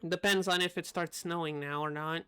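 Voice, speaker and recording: A woman's voice: fairly low pitch, steady tone, normal speed, bright, forceful tone, clean tone. A woman streamer joking and rambling as she plays a game live, full of fillers and restarts. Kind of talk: live gameplay commentary.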